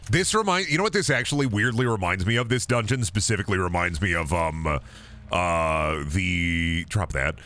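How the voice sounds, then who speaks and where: A man's voice: low voice, lively intonation, moderate pace, sharp tone. A man streaming a game, rambling and joking crudely with lots of swearing. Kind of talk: casual gaming stream chatter.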